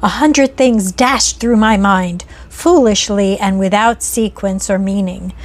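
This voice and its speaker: A woman reading a Victorian ghost story aloud in an earnest, measured first-person narration. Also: medium pitch.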